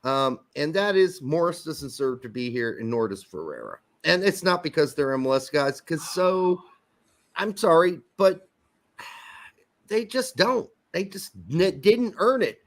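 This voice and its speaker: A man's voice: on the high side, very animated, unhurried. A man co-hosting a soccer podcast in casual banter, joking, swearing freely and rambling into asides.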